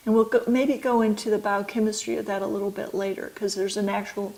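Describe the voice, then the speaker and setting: A middle-aged woman, an author and midwife, explaining her ideas slowly and thoughtfully in an interview. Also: mid-range voice, level tone, darkish tone, low-quality recording.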